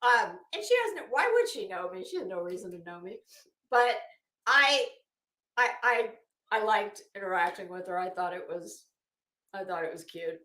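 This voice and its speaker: A woman's voice: mid-range voice, expressive, normal speed, sharp tone. A woman streaming and chatting casually, rambling with many restarts and fillers. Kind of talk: casual chat. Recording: echoey room.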